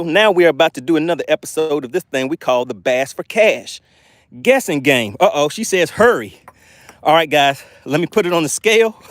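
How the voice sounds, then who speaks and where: A man on a live fishing stream, talking to his chat in a lively, fairly high voice that swings all over as he hypes up his catch. He sounds out of breath and keeps repeating his catchphrases. The sound is dry and close. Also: no room sound. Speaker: fishing channel host. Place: outdoors by the water.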